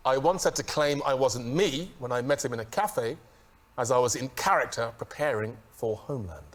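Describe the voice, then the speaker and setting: A man's voice: mid-range voice, lively intonation, moderate pace. A man on a comedy panel show telling a story about himself, flustered and laughing as he defends it. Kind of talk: telling a comic anecdote.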